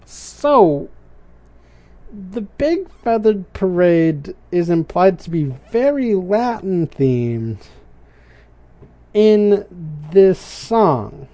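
An unhurried cartoon reviewer talks in casual commentary, the voice swinging up and down with lots of expression. The tone is soft and mellow, drifting into puzzled questions and dry little jokes. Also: mid-range voice. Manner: rambling, puzzled, questioning asides.

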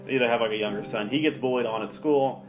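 A man's voice: mid-range voice, fast talker, background noise. Profane laughing man recapping a film. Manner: profane, laughing, retells scenes acting out lines. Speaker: podcast co-host. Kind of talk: casual movie review chat.

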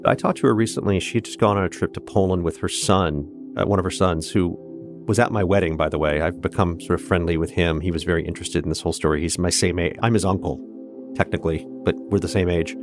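Low-voiced earnest man from Kansas. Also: steady tone, fast talker, music in the background. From Kansas, USA. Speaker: interview guest. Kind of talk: personal storytelling in conversation.

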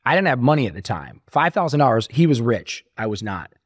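A man's voice: medium pitch, very animated, fairly quick, no room sound, studio quality. A middle-aged man telling his story as an interview guest, acting out quoted voices as he talks.

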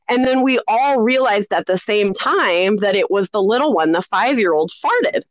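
In a dry recording, a thirties-aged woman talks at normal speed with hardly any pauses. She's a podcast co-host telling a story in casual chat, laughing a lot and animatedly performing quoted voices with large pitch leaps.

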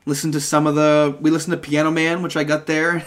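A man's voice: on the high side, level tone, a little fast. A young man telling a rambling, profane story on a casual podcast. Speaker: podcast co-host.

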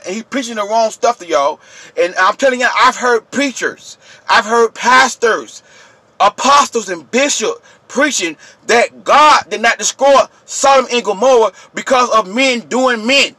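A man rants to his viewers, preachy and repetitive. He yells in a high, bright voice. The recording is dry and close. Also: dry recording. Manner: yelling, preachy, repetitive, addresses viewers directly. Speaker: channel host. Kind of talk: impassioned vlog rant.

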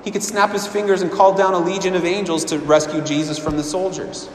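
A man's voice: high-pitched, fairly even intonation, brisk, a little hiss or hum. A man preaching a sermon with earnest emphasis, often repeating and restarting words. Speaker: pastor. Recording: echoey hall with long reverb.

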